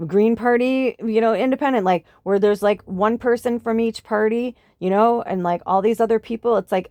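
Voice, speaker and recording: A woman's voice: on the high side, a little mellow, no echo, clean studio sound. A woman hosting a spiritual podcast, talking in a rambling, impassioned monologue full of fillers and swearing.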